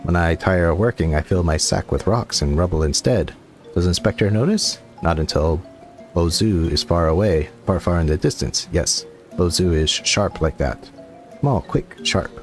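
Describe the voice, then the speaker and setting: A man voicing a low, sly kobold miner. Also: moderate pace, soft background music, lightly acted. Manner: sly, repetitive, mutters asides. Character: sly scheming male kobold miner, small and boastful.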